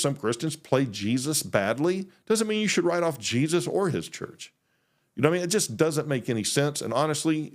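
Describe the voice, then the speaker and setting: A middle-aged man, a former pastor, hosting a solo podcast and giving blunt, animated opinions. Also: medium pitch. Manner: blunt, animated, mimics others' voices.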